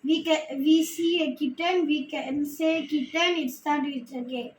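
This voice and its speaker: Slow, high-voiced woman reading phonics. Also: fairly even intonation, slight background noise. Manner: slow, careful word-by-word reading with restarts. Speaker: reading teacher. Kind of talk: slow phonics lesson and read-aloud. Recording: echoey room.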